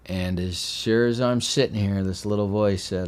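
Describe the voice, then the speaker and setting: A veteran man telling his own life story in a conversational way, with dry, deadpan humor, sometimes loud and animated, sometimes quiet and heavy. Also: medium pitch, normal speed, hardly any pauses. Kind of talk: personal spoken testimony.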